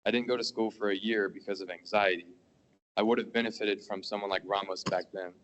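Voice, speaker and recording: A teenage boy, a high school student, giving earnest public comment at a school board meeting and stumbling over his words as he goes. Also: fairly even intonation, a little fast, a bit bright, rough recording. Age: teens. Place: meeting hall.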